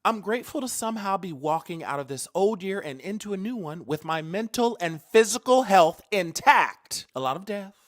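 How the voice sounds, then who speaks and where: A woman delivering a comedic monologue in a video clip, dramatic and swinging between quiet asides and sudden outbursts. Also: mid-range voice, lively intonation, moderate pace, few pauses.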